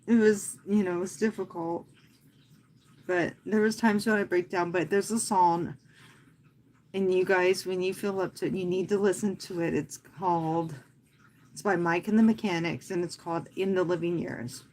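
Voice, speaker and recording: Earnest woman talking softly on a livestream. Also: on the low side, fairly even intonation, a little hiss or hum. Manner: earnest and heartfelt, speaking softly and slowly with pauses. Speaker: fitness instructor and livestream host. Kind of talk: casual livestream talk.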